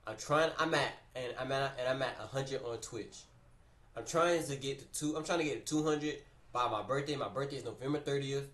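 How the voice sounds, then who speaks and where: Streaming live, this man spins a casual, animated yarn full of slang, circling back to the same phrases again and again. He talks at a brisk clip in a mid-range voice, sounding far from the mic in an open, echoey room.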